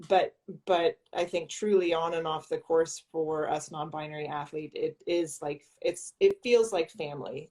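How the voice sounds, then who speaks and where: A triathlete guest on a podcast, speaking thoughtfully and a little hesitantly, with frequent fillers and restarts. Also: female voice, low-pitched, warm tone. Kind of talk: casual interview chat.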